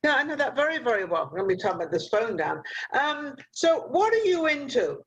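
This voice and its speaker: A woman's voice: high voice, very animated, moderate pace, breathy edge. An older woman hosting an interview over a video call, chatty and motherly as she hands out advice, with plenty of fillers. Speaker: talk show host. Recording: muffled video call audio.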